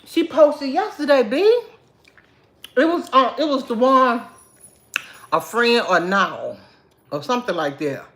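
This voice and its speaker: Animated chatty woman livestreaming. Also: a little high, measured pace, pauses often. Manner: chatty, animated, greets viewers by name. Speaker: livestream host. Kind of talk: casual livestream chat with viewers.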